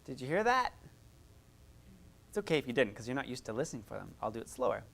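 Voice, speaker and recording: Low-voiced, encouraging woman workshop teacher. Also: very animated, fast talker, vocal fry. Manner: chatty, encouraging, laughs often. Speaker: music therapist leading a workshop. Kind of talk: teaching a group, demonstrating vocal harmonics.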